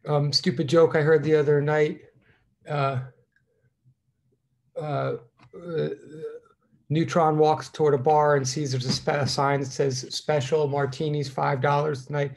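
A man's voice: a little high, little pitch movement, a little slow, long pauses, darkish tone. A man teaching a physics class online, rambling with lots of fillers and corny jokes between greetings to students. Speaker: physics professor. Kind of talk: casual online lecture.

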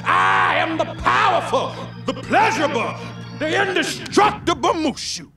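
A small, boastful guardian dragon who shouts and brags in a very high, bouncing voice. He swaggers through every line of this cartoon film. The sound is roomy, with loud music behind. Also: huge pitch swings, measured pace, full character voice. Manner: loud, brash, theatrical. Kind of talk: animated film dialogue.

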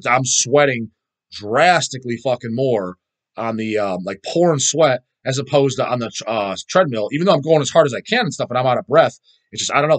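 A middle-aged man chatting casually as a vlog host, rambling and swearing constantly as he answers viewer questions. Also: mid-range voice.

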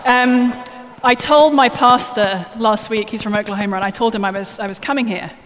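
A woman's voice: a little high, normal speed. A woman giving a live conference talk from the stage, chatty and joking with the audience. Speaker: conference speaker. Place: large conference hall. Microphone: stage microphone. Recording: live hall reverb, faint noise.

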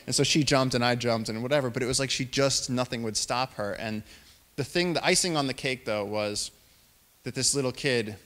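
A man in his thirties speaks to an audience as a naturalist telling stories from his expeditions. He performs the quoted lines, jumping up in pitch and volume for the other voices. His voice sits in an ordinary middle male range. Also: fast talker. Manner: animated storyteller, acts out quotes in raised voices. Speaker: naturalist and explorer giving a public talk. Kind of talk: storytelling lecture.

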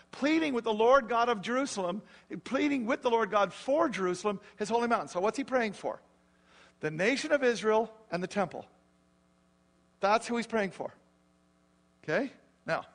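Preaching in a church with a high, gravelly voice, this pastor explains scripture animatedly and conversationally, frequently questioning his congregation.

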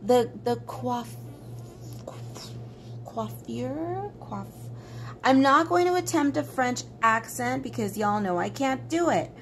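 A woman's voice: fairly high pitch, expressive, slow, long pauses, slight background noise. A woman artist vlogging while she colors, chatting casually and joking at her own expense. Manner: chatty, self-mocking, dramatic outbursts.

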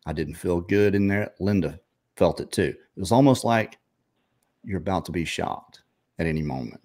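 A man with a very deep voice hosts a relaxed interview. He tells stories at an easy pace, with drawn-out asides. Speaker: show host. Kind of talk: casual interview chat.

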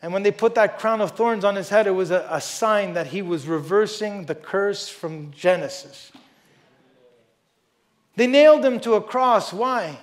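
A man with a high voice preaches a sermon to a church congregation. He reads scripture with strong emphasis and drops to hushed asides. Between readings he talks casually and often says "you know". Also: lively intonation, a little slow. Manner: emphatic, swings between loud stresses and quiet asides. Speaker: pastor. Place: church service before a congregation.

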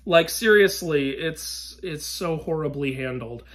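A man's voice: on the high side, measured pace. Exasperated young man ranting. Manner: exasperated, swearing, swings between loud outbursts and weary sighs. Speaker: movie reviewer. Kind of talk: ranting film review.

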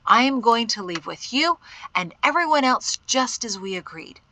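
A steady young married woman, as a woman narrator plays her in an audiobook. She speaks calmly and reassuringly, in a bright, close, slightly raised voice. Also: on the high side, moderate pace, dry recording.

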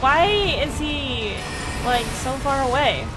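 A young woman commenting live on her own gameplay, excitable, with frequent yelps and laughs. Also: sits high, slow pace. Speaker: streamer playing a game. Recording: game music playing behind.

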